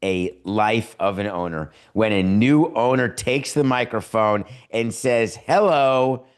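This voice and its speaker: A man's voice: lowish voice, fairly even intonation, unhurried, smooth. A man hosting a podcast from his home studio and giving sarcastic, riffing sports commentary. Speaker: podcast host.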